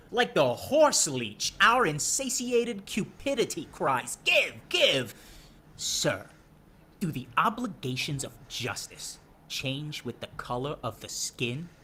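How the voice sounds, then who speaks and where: A man voicing a pompous older male senator who orates in a grand, drawn-out put-on accent. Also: on the high side, sing-song, bright, forceful tone, a little hiss or hum, full character voice. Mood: impassioned.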